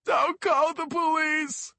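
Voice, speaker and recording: A man voicing a hysterical, drugged-up teenage boy who shouts and sobs in panic. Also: flat delivery, slow pace, creaky, no room sound, exaggerated voice. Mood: panicked. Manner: shrill, sobbing, frantic shouting.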